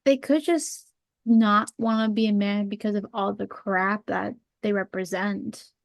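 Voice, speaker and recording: A woman in casual podcast chat, earnest and emotional, talking in halting bursts with fillers. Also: medium pitch, steady tone, vocal fry, dry recording, studio quality.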